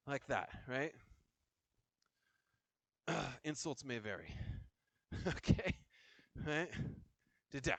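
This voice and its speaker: A male fencing coach talks through a saber drill, calling out cuts and guards as he moves. His pitch swings up and down a lot, and the sound is dry and close with no room around it. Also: slow, long pauses, no room sound. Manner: lively, chatty, jokey asides with laughs; counts drill calls while moving. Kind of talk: demonstration lesson.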